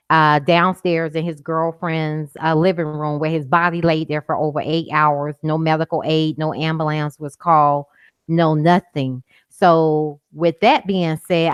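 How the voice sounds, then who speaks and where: A woman's voice: deep voice, smooth, no echo. A middle-aged woman speaking as an interview guest, impassioned and insistent, repeating her points for emphasis and at times near tears. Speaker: guest, mother of a man killed by police. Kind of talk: interview over a call.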